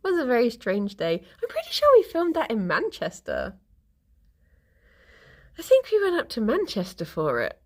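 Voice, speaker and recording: A woman's voice: fairly high pitch, huge pitch swings, moderate pace, long pauses, a little mellow. A young woman streaming, chatting casually with viewers in a rambling, giggly, sleepy way. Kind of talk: relaxed casual stream chat, reading chat.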